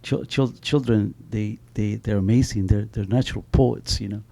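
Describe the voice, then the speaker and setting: Man, middle-aged, author panel, warm mellow voice, storytelling, restarts, "you know". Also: on the low side, normal speed, creaky. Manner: animated, many restarts and repeated "you know". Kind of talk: panel talk with spoken storytelling.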